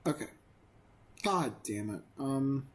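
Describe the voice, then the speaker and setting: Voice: mid-range voice, expressive, slow pace, low-quality recording. A gaming video creator giving casual let's-play commentary, rambling and self-amused, with many fillers.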